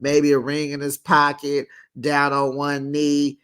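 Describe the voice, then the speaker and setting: A man hosting a casual TV recap, animated and laughing often as he acts out what people said. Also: on the high side, slow pace, smooth. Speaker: TV recap host.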